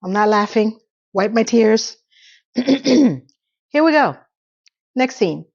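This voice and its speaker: A woman hosting a casual TV episode recap, telling scenes with animated storytelling. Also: a little high, slow, dull audio. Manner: animated storytelling, breaks into laughter. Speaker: recap host.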